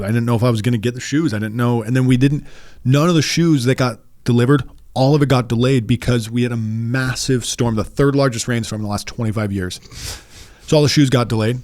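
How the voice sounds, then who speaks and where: A man, a podcast guest, telling his story in a rambling, halting way with many restarts. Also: medium pitch, a little mellow, dry recording, clean studio sound. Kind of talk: casual storytelling interview.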